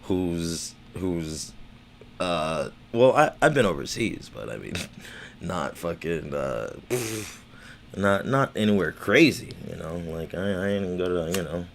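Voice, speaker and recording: A man's voice: sits low, animated, takes it slowly, vocal fry, slight background noise. A man with slurred speech rambling casually on a livestream, stammering, repeating words and swearing. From United States. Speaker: livestream host.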